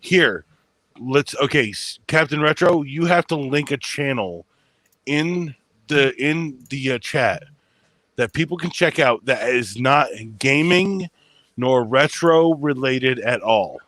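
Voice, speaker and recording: A man's voice: medium pitch, lively intonation, slow, fairly bright tone, dry recording. Rambling, self-mocking male podcast host. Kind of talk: casual chat.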